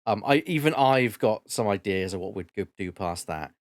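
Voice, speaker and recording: A man's voice: on the low side, expressive, moderate pace, dry recording, studio quality. A man hosting a casual stream chat, talking hesitantly with fillers and laughs. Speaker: streamer host.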